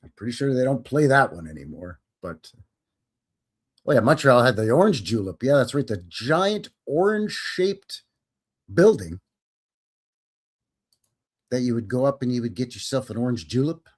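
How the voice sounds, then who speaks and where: Folksy, lively-voiced man hosting a stream. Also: mid-range voice, moderate pace, pauses often. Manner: rambling, chuckling, folksy. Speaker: live stream host. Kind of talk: casual live stream chat answering viewers.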